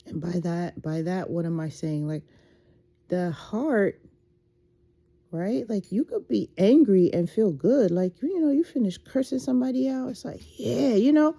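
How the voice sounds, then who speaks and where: A woman who has just woken up talks slowly and unhurriedly, her voice dark and mellow. She rambles through a casual spiritual pep talk recorded on her phone, circling back on herself with lots of fillers. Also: mid-range voice. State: just woke up. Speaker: faceless content creator.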